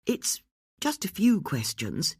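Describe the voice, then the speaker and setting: The audiobook narrator voicing a polite woman who asks her questions kindly and slowly. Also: medium pitch, big pitch swings, a little mellow, husky, no room sound, studio quality, voice pushed up. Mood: gentle. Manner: kindly, measured. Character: gentle, polite woman sleuth.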